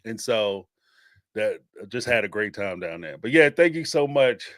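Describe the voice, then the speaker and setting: A man's voice: on the low side, big pitch swings, normal speed, fairly bright tone, no room sound, clean studio sound. A male host from the northeastern United States with a blend of Northeastern and Southern US accents, telling stories in casual chat, laughing often and swearing casually. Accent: mix of Northeastern US and Southern US. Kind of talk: casual commentary answering viewers.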